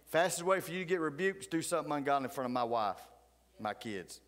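A middle-aged man, a pastor telling folksy stories in a sermon, flaring loud, then dropping to hushed asides. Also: a little high, expressive, fast talker. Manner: folksy, fiery, swings between loud outbursts and hushed asides. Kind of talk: animated storytelling sermon. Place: church sanctuary. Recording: church hall reverb.

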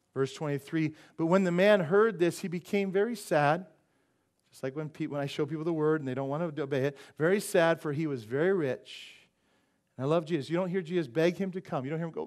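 A man's voice: fairly high pitch, a little fast, darkish tone. A man preaching a sermon as pastor, emphatic, asking the congregation questions and acting out the people in the Bible passage.

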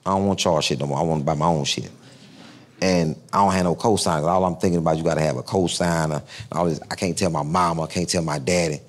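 A male comedian from Texas telling a profane, animated stand-up story. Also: low-pitched, fast talker.

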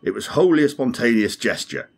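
A man's voice: mid-range voice, very animated, fairly quick, vocal fry, slightly rough, faint music behind, pitched above the performer's own voice, full character voice. A man voicing a brusque, commanding male alien starship captain who demands answers. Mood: skeptical.

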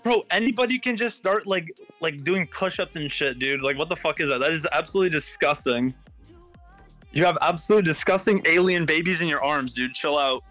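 Man, fast crude mockery, fairly high voice. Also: pushed and bright, faint music behind. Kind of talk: casual stream chat.

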